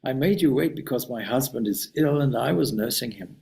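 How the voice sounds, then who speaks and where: A man voicing a humble, dutiful ordinary woman in a read-aloud story, speaking gently and plainly. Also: mid-range voice, expressive, fairly quick, vocal fry. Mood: calm.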